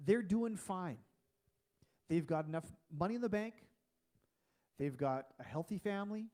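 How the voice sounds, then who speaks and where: Bright-voiced male pastor, mellow tone. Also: sits high, unhurried. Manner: casual, animated preaching with restarts. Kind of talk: sermon. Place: church.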